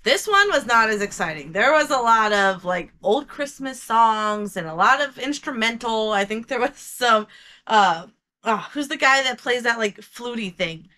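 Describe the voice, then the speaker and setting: An American woman excitedly recapping her resale sales to viewers, chatty and addressing them as friends, her voice a bit worn from talking. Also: a little high, moderate pace. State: losing her voice. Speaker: reseller vlogger. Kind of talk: casual haul recap to camera.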